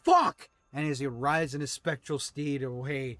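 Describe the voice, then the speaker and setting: A man running a tabletop game as game master, narrating the scene in an animated way. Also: mid-range voice, normal speed, dry recording. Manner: animated, shouts out monster lines.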